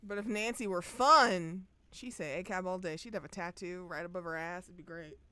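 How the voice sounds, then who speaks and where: A woman's voice: fairly low pitch, normal speed, pushed and bright, smooth, dry recording. A young woman streaming a game live, chatting casually with joking, profane remarks while reading the story aloud.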